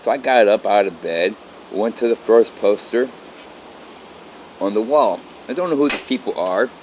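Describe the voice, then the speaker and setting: Speaking at a normal speed, a man with a rather low voice rambles through a casual account of his life, stopping and restarting as he goes. He voices other people's words with "I'm like," while a faint hiss lingers under the recording.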